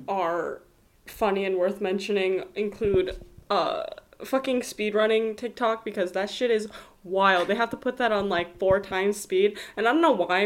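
A young woman co-hosting a podcast, chatting excitedly and self-deprecatingly, with frequent swearing and laughter. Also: mid-range voice. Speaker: podcast co-host. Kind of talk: casual chat.

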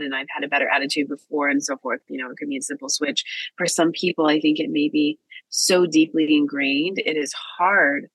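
A reflective podcast co-host with a husky, breathy voice, recorded dry and close with no room sound. They talk thoughtfully and keep hedging as they work through each idea. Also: mid-range voice, fairly bright tone, no room sound, poor audio.

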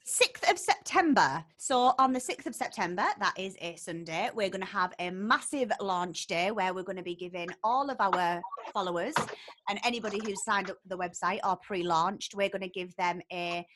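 A woman's voice: medium pitch, normal speed, fairly bright tone. A woman with a Geordie accent co-hosting a casual chat, upbeat and giggly. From North East England. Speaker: co-host.

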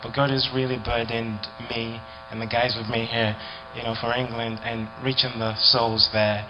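A man's voice: medium pitch, flat delivery, normal speed, background noise. A young man, giving an earnest, heartfelt testimony to a church conference. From Nigeria. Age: young adult. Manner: earnest, heartfelt, building in intensity. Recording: lo-fi video with music behind.

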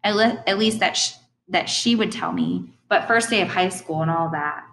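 A woman reading the lines of a tender, caring mother in an audiobook, soft and soothing. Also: medium pitch, normal speed, echoey room, a little hiss or hum, natural voice.

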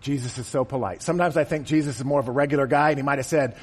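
A man's voice: medium pitch, rapid-fire, hardly any pauses, slightly rough, big-room sound. A man preaching a conversational, joking sermon to a congregation in a church. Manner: conversational and joking, acts out quotes. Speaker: pastor. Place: church auditorium.

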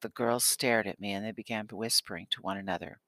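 Bright-voiced male audiobook narrator. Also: lowish voice, steady tone, fairly quick, no room sound. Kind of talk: scripted first-person story narration.

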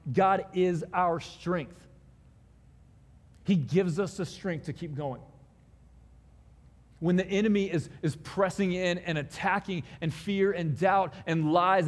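Husky-voiced male pastor preaching in a hall. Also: high-pitched. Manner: conversational preaching, builds to emphatic peaks. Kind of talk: sermon. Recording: long hall reverb.

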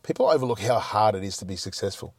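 A man's voice: lowish voice, expressive, quick pace, husky, no room sound. A middle-aged man chatting as a podcast guest, blunt and freely swearing, often repeating words as he starts a point. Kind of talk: casual chat.

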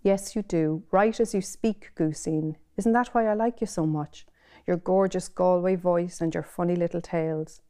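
A lofty, hushed young man with a poet's turn of phrase, as a woman reads him aloud. He talks low and gently, every line rounded and measured. The voice stays close and calm throughout. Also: close to an everyday voice. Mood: coaxing. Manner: soft, quiet, lofty. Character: poetic, smooth-talking young Dublin man.

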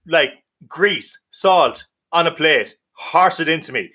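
A boisterous Irish man talking in loose, rowdy banter as a podcast co-host. His voice is bright and forceful, and he swears and laughs freely. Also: fairly high pitch, expressive, slow. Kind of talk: casual banter.

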